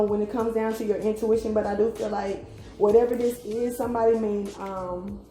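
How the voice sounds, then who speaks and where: A woman's voice: mid-range voice, dark tone. Chatty, swearing woman reading tarot. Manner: chatty, blunt, swears freely, laughs often; meandering, trails off with fillers. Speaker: tarot reader. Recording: echoey room with faint music.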